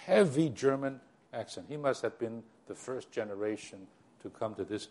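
With lively intonation and a darkish, mid-range voice at normal speed, an older man rambles through the early history of his church for those gathered. He keeps restarting and adding direct asides, much like a sermon.

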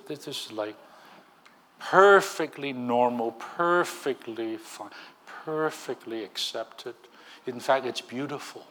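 A man's voice: mid-range voice, a bit bright, slight background noise. A man preaching a sermon as a minister, emphatic, with frequent restarts.

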